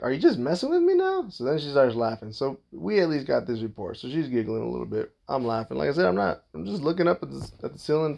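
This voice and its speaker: Gravelly man telling a crude story. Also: mid-range voice, darkish tone. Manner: profane, rambling, joking. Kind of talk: casual storytelling.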